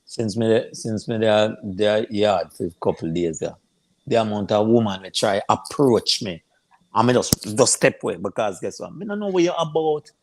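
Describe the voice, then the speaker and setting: A man's voice: on the low side, moderate pace, darkish tone, slight background noise, low-quality recording. A man with a Jamaican accent giving blunt advice on a panel and repeating his words. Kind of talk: casual panel chat.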